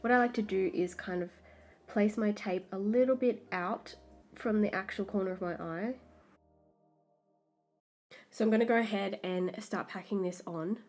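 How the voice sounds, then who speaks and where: A woman's voice: medium pitch, moderate pace, long pauses. An Australian woman, a makeup artist, chatting through a makeup tutorial step by step as she works. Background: soft background music.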